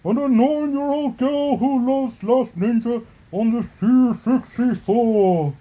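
A man reading a fan review aloud in a put-on, high, sing-song voice. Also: takes it slowly, mellow, heavily acted, rough recording. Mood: mock earnest.

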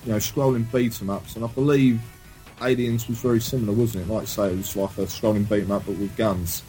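A man's voice: on the low side, fairly even intonation, quick pace, dark tone, soft background music. Self-mocking middle-aged man chatting games. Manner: self-deprecating, chuckling, rambling. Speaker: podcast co-host. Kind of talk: casual retro gaming chat.

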